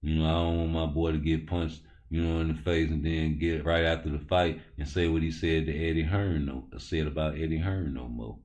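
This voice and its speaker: A man's voice: very deep voice, steady tone, normal speed, hardly any pauses, a little mellow. A man hosting a boxing talk show, talking loosely with lots of cursing and joking.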